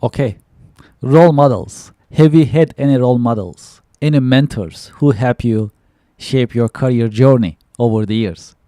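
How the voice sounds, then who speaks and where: A man's voice: medium pitch, normal speed, dark tone, dry recording, studio quality. A man hosting a podcast interview, putting short, upbeat questions to his guest. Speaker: podcast host.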